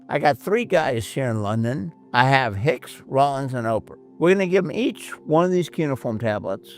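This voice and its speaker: A man hosting a Bible history talk, telling stories emphatically and acting out the voices of the people he quotes. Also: medium pitch. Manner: emphatic storyteller who acts out quoted voices. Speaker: host.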